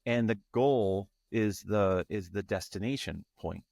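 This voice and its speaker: A man's voice: on the low side, a little slow, gravelly, darkish tone, no echo. Earnest man talking in a dry room. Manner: earnest, searching, frequent restarts. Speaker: guest, tantra facilitator. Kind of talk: reflective interview talk.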